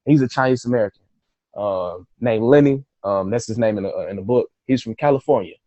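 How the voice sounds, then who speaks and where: A man guest on a podcast, telling a story in a casual, animated way, swearing freely and acting out his own reactions. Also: on the low side, a little fast, dry recording, highs cut off.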